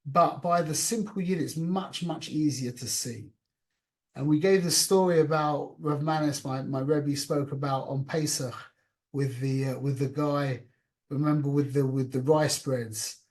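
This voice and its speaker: A man with a fairly high-pitched voice teaches an informal class over a call. He talks in an animated, conversational way. He restarts his sentences often and mixes in Yiddish and Hebrew words. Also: a little slow.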